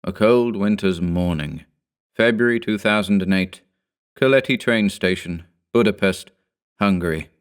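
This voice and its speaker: Deep smooth-voiced man narrating horror. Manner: measured, somber first-person storytelling. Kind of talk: scripted narration.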